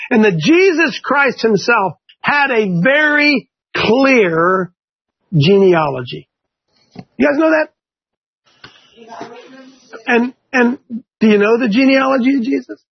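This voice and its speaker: A husky, unusually high-voiced man from Ohio runs a Bible class, giving a folksy, talkative sermon and peppering his listeners with questions one after another. The recording is lo-fi and muffled.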